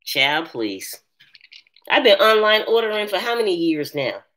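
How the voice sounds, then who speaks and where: A woman hosting a casual live chat, answering viewers' comments in an animated way and laughing often. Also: mid-range voice, brisk. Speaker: live stream host.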